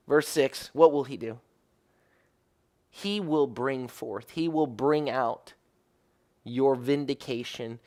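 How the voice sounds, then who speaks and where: A man's voice: medium pitch, darkish tone. A man preaches as rabbi, taking his time with each phrase and explaining Hebrew words. His voice sits in a middle register, and he restarts lines often and checks in with "right?". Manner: teaching Bible verses, explaining Hebrew words. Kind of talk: sermon.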